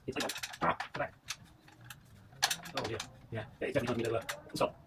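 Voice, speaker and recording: A man with a medium-pitched, level voice and vocal fry talks fast while working on a motorcycle in his home garage. As a restoration vlogger giving casual workshop commentary, he mutters and swears to himself while guiding viewers, with heavy background noise throughout.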